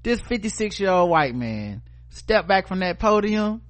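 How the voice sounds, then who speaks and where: A man's voice: high voice, very animated, a little slow. A man co-hosting a podcast, riffing in casual comedic chat with profane, laughing delivery. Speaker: podcast co-host.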